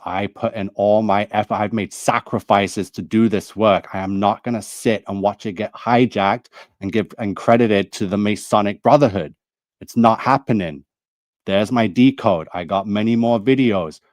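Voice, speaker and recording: Angry man with a low, dry voice. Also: moderate pace, no echo. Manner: heated, accusing, repetitive. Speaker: video creator. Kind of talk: angry monologue to camera.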